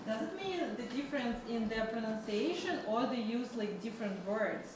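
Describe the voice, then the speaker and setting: Woman, native russian speaker, english class student, slightly high voice, far from the mic, clear room noise. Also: animated, normal speed, very echoey. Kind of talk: classroom question and answer.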